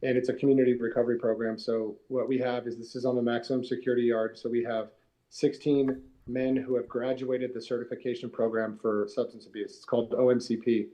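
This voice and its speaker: A man's voice: medium pitch, level tone, fairly quick, dark tone, rough recording. A man appearing as a guest on a live talk show, earnestly describing his mentoring work. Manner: earnest storytelling. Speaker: guest speaker, prison recovery mentor.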